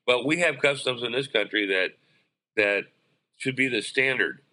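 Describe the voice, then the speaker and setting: A man talking through his views in an easygoing podcast chat. His voice is strikingly bright and sharp. He presses his points emphatically, often restarting mid-sentence. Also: medium pitch, moderate pace. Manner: opinionated, emphatic, frequent restarts.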